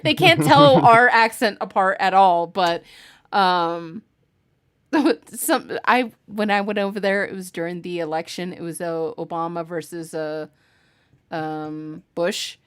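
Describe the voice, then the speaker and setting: A woman's voice: fairly low pitch, a little slow, smooth. A woman from the United States hosting a podcast, chatting casually and laughing often while telling stories. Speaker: podcast host. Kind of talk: casual group chat.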